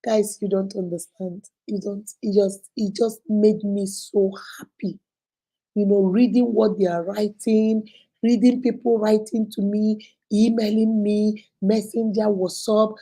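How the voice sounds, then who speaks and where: Nigerian lady doing a casual livestream, mellow voice, gushing and repeating herself, shouting out viewers. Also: medium pitch, level tone, measured pace, poor audio. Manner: effusive, repetitive, greets viewers by name. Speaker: livestream host.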